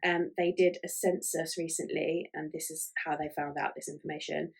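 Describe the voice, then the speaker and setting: A woman's voice: low voice, level tone, moderate pace, gravelly, breathy edge. A woman hosting a casual solo podcast, chatty and full of fillers like "um" and "like". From Ireland. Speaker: podcast host.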